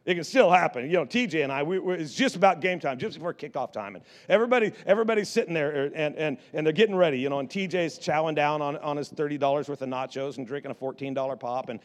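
A male pastor with a fairly high voice telling a lively story from the pulpit. He talks in an animated way, stumbles over his restarts, and piles up repeated words. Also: quick pace, few pauses. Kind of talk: storytelling sermon.

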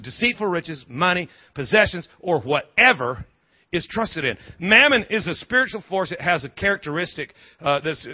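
Animated, husky-voiced preaching man. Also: on the high side, no room sound, muffled recording. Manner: animated, humorous preaching with quick asides and repeated words. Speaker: pastor. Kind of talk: sermon.

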